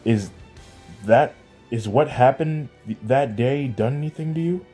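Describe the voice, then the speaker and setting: A man doing an anxious, caring mother in a lifted, mellow voice, fussing and fretting. Faint music hums under the fan-made story. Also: medium pitch, measured pace, husky, pitched above the performer's own voice. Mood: worried. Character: worried, caring middle-aged mother.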